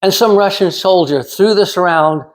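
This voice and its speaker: A man in his sixties from California giving a prepared storytelling speech in a measured, dramatic way with pauses. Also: high-pitched. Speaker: club speaker.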